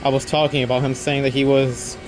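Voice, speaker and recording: A man's voice: mid-range voice, flat delivery, brisk, over music. A young man working an overnight store shift, talking casually to camera in a rambling, earnest way that repeats itself. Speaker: overnight convenience store clerk.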